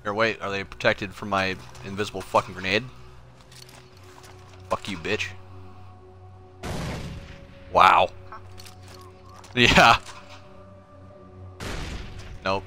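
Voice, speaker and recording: A man chatting and swearing loudly while playing a co-op shooter with friends, reacting with quick outbursts and laughter. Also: low voice, fairly even intonation, soft background music. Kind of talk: casual gameplay chat.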